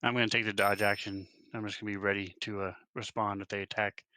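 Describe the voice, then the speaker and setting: A man's voice: on the low side, level tone, quick pace, bright, forceful tone. A man playing a tabletop game, thinking aloud with many fillers. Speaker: player. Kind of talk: casual tabletop play.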